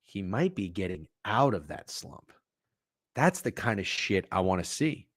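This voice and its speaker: A young man hosts a sports betting live stream, swearing casually and answering his chat. His pitch jumps around in a lively way. The sound is dry and close, with no room behind him. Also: moderate pace, no echo. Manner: animated, swearing, talks to chat. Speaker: sports betting show host.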